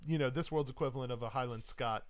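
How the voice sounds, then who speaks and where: A man narrating a tabletop game as game master, in a casual, lively way full of fillers. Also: mid-range voice, fast, clear, resonant tone.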